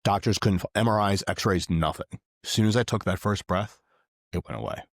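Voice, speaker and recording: Male guest, very low voice, earnest, filler-heavy, dry close mic. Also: moderate pace, no echo. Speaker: podcast guest. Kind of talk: casual conversation.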